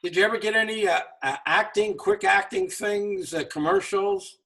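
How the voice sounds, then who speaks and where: Gravelly-voiced talk show host. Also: male voice, high-pitched, normal speed, pushed and bright. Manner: brief encouraging reactions and questions. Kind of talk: casual interview.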